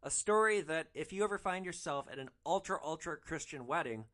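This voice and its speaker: A man hosting a storytelling podcast, animated and excitable, swearing casually as he recounts his stories. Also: fairly high pitch, brisk. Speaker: podcast host, rideshare driver.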